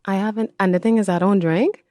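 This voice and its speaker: A woman's voice: mid-range voice, steady tone, a little fast, warm tone, no echo, clean studio sound. A young woman from the Bahamas with a Bahamian accent, chatting animatedly and laughing as a podcast guest. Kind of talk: casual chat.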